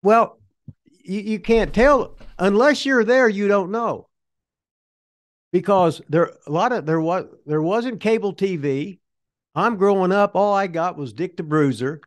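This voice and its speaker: An older man tells stories in a loose, rambling, folksy way, cursing offhandedly. His voice sits a bit high for a man. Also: a little slow. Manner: rambling, folksy, swears casually. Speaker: retired pro wrestler, interview guest. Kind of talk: rambling shoot interview storytelling.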